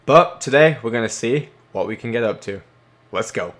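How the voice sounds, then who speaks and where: A man hosting his own gaming channel, giving casual commentary while he plays, excitable and swearing freely as he shouts and laughs. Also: fairly low pitch, fairly quick, soft background music.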